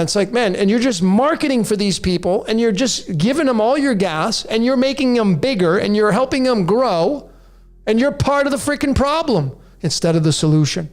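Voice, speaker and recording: High-pitched ranting man, nearly fifty. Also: brisk. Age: 40s. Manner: raw, ranting, preachy. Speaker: podcast host. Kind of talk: monologue to listeners.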